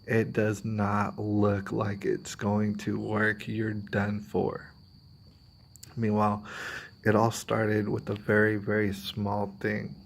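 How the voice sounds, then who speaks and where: A man's voice: on the low side, monotone, slow pace, gravelly. A man vlogging, talking about himself in a rambling, confiding way, sometimes acting out what others say. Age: adult, has a daughter. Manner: rambling, confiding, quotes others in put-on voices. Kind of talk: personal talk to camera.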